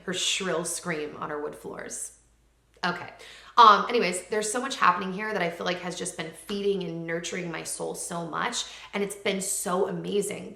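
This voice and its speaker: Bright-voiced woman chatting in an echoey room. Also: medium pitch, gravelly. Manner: chatty and heartfelt, many likes and ums. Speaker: lifestyle vlogger. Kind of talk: casual chat to camera. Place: home room with hard floors. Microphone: camera mic.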